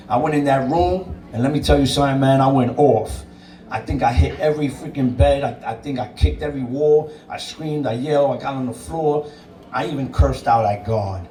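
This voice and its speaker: A man's voice: mid-range voice, normal speed, mellow, far from the mic, a little hiss or hum. A man, a DJ, telling his own story in an interview, blunt and emphatic and swearing freely. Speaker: DJ and interview guest. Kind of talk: candid personal storytelling. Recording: roomy sound, away from the mic.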